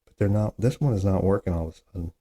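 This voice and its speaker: Hosting a solo comedy podcast, this man rattles off corny jokes in a deep, warm voice at rapid-fire speed. He adds chatty, self-deprecating remarks and groans at how bad they are.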